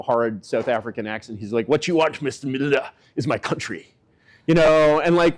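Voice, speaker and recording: A man gives casual political commentary out loud, rambling and using lots of filler words, and his pitch swings up and down for emphasis.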